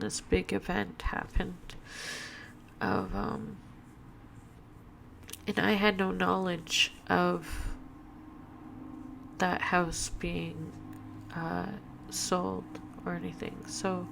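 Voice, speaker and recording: Slow, gravelly-voiced woman vlogging at home. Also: fairly low pitch, little pitch movement, fairly bright tone, a little hiss or hum. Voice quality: tired voice. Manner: slow, rambling, many fillers and restarts. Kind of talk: casual webcam vlog. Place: at home, in her apartment. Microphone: webcam setup.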